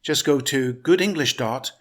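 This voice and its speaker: Man giving a measured pronunciation lesson. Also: medium pitch, a bit bright. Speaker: pronunciation teacher. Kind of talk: scripted instructional narration.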